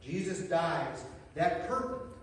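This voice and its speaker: Earnest high-voiced male preacher in an echoey hall. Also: expressive, slight background noise. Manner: earnest preaching with dramatic pauses and hushed retellings. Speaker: pastor. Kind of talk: sermon. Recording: echoey hall recorded from far off.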